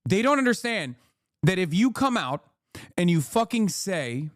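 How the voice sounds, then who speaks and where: A man's voice: sits high, sing-song, measured pace, dry recording, studio quality. An American man giving heated, profane and sarcastic commentary while reacting to clips. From United States. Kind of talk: ranting commentary.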